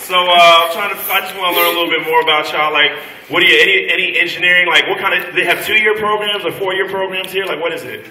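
Young comedian in an echoey hall. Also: male voice, sits high, steady tone, fast. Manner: loose, joking, chatting with the audience. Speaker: stand-up comedian. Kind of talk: stand-up crowd work. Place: college event hall. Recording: echoey room from far off, loud crowd noise. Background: audience laughing and clapping.

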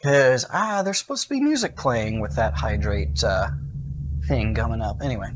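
Over some background noise, a young gaming streamer with a mid-range voice speaks at normal speed and in an animated way. His casual livestream commentary on a horror game wanders into asides to chat and jumpy bursts of swearing.

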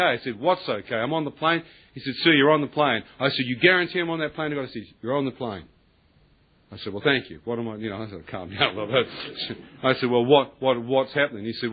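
Male preacher, husky voice on a tinny recording, tells his story with lively acted-out dialogue. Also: mid-range voice. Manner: animated storyteller, acts out voices, laughs often, colloquial. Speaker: preacher giving testimony. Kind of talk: testimony sermon.

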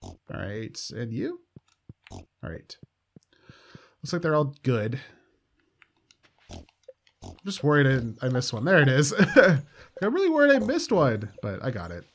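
A man's voice: mid-range voice, huge pitch swings, slow pace, gravelly, long pauses, a bit bright, a little hiss or hum. A man casually commenting on his gameplay, upbeat and chatty with dry sarcastic asides. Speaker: let's play host.

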